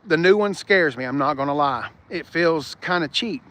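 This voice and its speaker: During a live-stream walkaround of an outdoor car dealership lot, a car vlogger reads viewer comments aloud and chats casually, with profanity. His voice is a little high, expressive, bright, and forceful, at a moderate pace.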